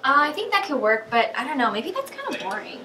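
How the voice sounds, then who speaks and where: Young woman, amateur skit actor, bossy student, rapid delivery. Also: high-pitched, big pitch swings, noisy background. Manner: quick, insistent and bossy. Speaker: student acting in a school skit.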